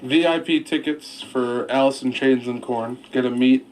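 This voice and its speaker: A male radio host chats loosely, sometimes trailing off while he hunts for a name. His pitch is ordinary, with a faint noise bed behind him in the studio. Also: moderate pace, low-quality recording. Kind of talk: casual radio talk.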